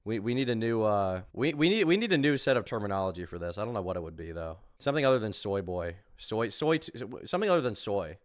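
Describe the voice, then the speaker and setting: A man's voice: lowish voice, sing-song, quick pace, hardly any pauses, dry recording, studio quality. A man streaming reaction commentary, mocking and incredulous, swearing often and breaking into laughter.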